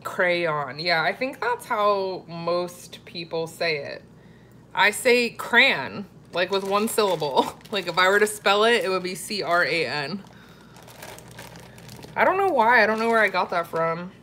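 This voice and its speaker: A woman's voice: medium pitch, lively intonation, a little slow, a bit bright, a little hiss or hum. A woman from Florida chatting casually with viewers on a live cooking stream and reading their comments aloud. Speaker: cooking vlogger.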